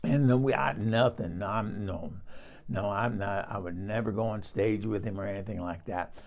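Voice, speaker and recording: A man's voice: fairly low pitch, normal speed, darkish tone, natural voice. A man playing a bawdy older Southern woman who tells a comic story with swooning exclamations and asides. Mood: confiding. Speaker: comedic character storyteller. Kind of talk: comic monologue in character.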